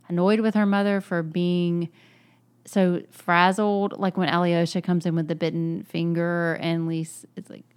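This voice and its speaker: A woman's voice: lowish voice, clear, resonant tone. A woman co-hosting a podcast, chatting casually about a novel's characters. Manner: chatty, acts out quoted characters. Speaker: podcast co-host. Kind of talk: casual book discussion.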